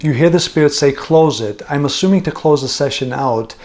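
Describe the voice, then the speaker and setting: A man's voice: fairly high pitch, brisk, darkish tone. A man narrating and explaining his own paranormal session recordings, interpreting what he hears. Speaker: paranormal investigator. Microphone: studio mic for narration.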